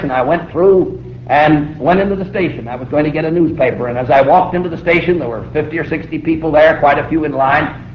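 A middle-aged man preaching a sermon, telling a story vividly and acting out the voices in it. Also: on the high side. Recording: roomy, dull old recording with faint hiss.

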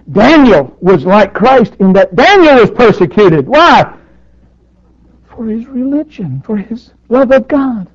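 High, lively preacher man with big swings. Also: no room sound. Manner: dynamic preaching, surging loud then dropping soft. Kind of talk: sermon. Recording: dull dry lo-fi recording.

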